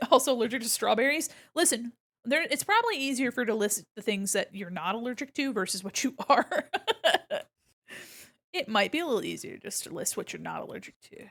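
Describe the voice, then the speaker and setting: A young woman streamer chatting casually with her viewers while she draws, animated, laughing often and swearing freely. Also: on the high side, brisk. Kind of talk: casual chat with a live stream chat while drawing.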